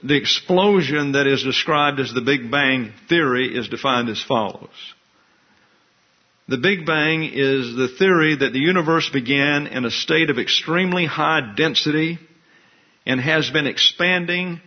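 Older preacher with a husky voice. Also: male voice, on the high side, unhurried, dull audio. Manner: folksy, teasing asides to the congregation. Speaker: pastor. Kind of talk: sermon.

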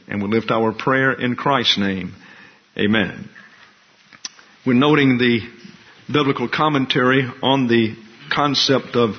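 A man who teaches a Bible class as pastor, explaining Greek terms slowly and deliberately. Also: mid-range voice. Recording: dull lo-fi recording.

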